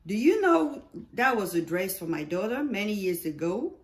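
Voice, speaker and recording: A woman's voice: medium pitch, very animated, normal speed, natural voice. A woman voicing a nosy, chatty old male neighbor who teases and rambles in a friendly way.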